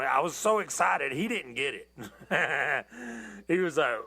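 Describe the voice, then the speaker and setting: A man's voice: fairly high pitch, a little slow, vocal fry, sharp tone. A tired man hosting a podcast, ranting in a loose, rambling monologue full of profanity and restarts. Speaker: podcast host.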